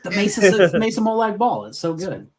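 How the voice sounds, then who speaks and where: A man's voice: high voice, big pitch swings, a crowd in the background. A man co-hosting a podcast interview, eagerly jumping in with questions in casual chat. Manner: eager, quick to jump in. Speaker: co-host.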